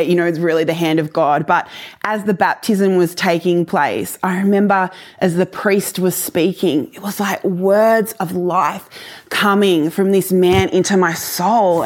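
Earnest and emotional, a woman in her 40s recounts her personal testimony of faith, her voice falling to near whispers and then rising with excitement.

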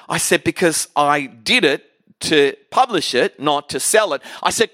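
A man's voice: fairly high pitch, moderate pace, no echo, studio quality. A man preaching as a guest pastor, telling a funny story with energy and repeated restarts. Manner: energetic, humorous, repeats words. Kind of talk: storytelling sermon. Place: church hall.

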